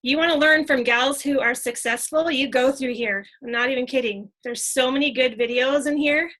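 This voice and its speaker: A woman leading a casual team training talk, excited and chatty, full of fillers. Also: sits high, normal speed, poor audio. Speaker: team leader.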